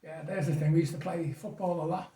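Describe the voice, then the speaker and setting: A man's voice: a little high, steady tone, brisk, mellow, far from the mic. A man, a guest reminiscing in rambling, chuckling stories. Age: 60s. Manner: rambling storyteller, chuckles often. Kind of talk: casual reminiscing chat. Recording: echoey room, off mic.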